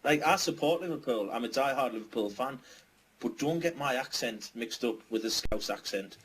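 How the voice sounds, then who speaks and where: A man's voice: mid-range voice, animated, moderate pace, a bit bright, low-quality recording. A man with a middling voice tells rambling stories about online matches, swearing freely. Faint noise runs underneath. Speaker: gaming channel co-host. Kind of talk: casual banter podcast.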